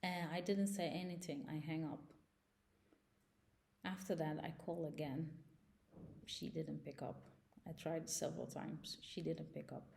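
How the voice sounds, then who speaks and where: A woman's voice: low-pitched, steady tone, measured pace, gravelly, pauses often, a little mellow. Agitated woman telling her own story. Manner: agitated, emotional retelling. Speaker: vlogger telling a personal story. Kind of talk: casual first-person storytelling.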